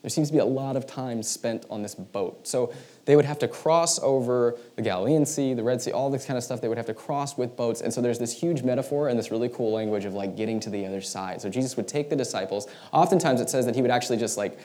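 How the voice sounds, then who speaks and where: A man preaching a sermon in a casual, animated storytelling way, often acting out the voices he quotes. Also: medium pitch, quick pace. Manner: casual, many fillers like "like" and "right". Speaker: pastor.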